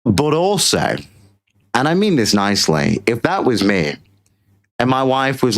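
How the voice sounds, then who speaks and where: A man's voice: medium pitch, very animated, a little slow. A British man hosting a political show, ranting in casual commentary and repeating himself. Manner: ranting, repetitive, mocking put-on voices. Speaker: show host.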